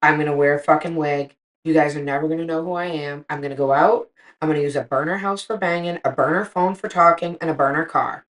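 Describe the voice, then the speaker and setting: A middle-aged woman co-hosting a casual chat, telling animated, profane stories and acting out what people said. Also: sits low, fast, rough recording. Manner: animated, profane storytelling with acted-out quotes. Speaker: podcast co-host.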